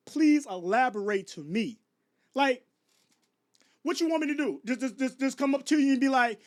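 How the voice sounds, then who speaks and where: High-voiced ranting man in his thirties. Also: lively intonation, normal speed, long pauses. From Chicago. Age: 30s. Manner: stammering restarts, ranting, rhetorical questions. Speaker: vlogger. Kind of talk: late-night rant to camera.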